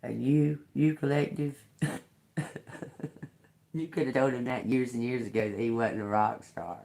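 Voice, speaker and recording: A woman giving a live tarot reading, ranting in a profane, animated way and laughing often. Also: a bass voice, measured pace, gravelly. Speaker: tarot reader. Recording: roomy echo.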